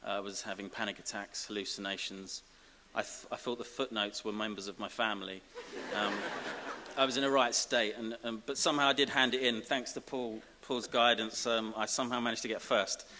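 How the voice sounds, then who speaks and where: Man, comic honorary-graduate speech, bright tense tone, faint hiss on a reverberant recording. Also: on the low side, steady tone. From Essex, England. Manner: self-deprecating, wry, halting with fillers. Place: large ceremony hall.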